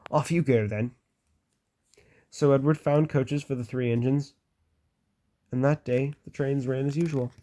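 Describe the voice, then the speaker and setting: Male reader, children's book read aloud, plain and unhurried, mid-pitched voice. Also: flat delivery, dark tone. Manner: plain, unhurried reading with casual asides.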